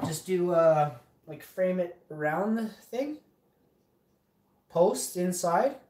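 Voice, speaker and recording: A man's voice: high-pitched, expressive, takes it slowly, pauses often, darkish tone, soft background music. A man telling a casual story to camera, rambling with lots of fillers, restarts and swearing. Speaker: vlogger. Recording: roomy echo.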